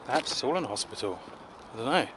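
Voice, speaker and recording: A man's voice: mid-range voice, animated, quick pace, background noise. A man from England vlogging casually outdoors, rambling and self-deprecating with lots of filler words. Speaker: travel vlogger. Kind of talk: casual rambling travel vlog. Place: outdoors in a city.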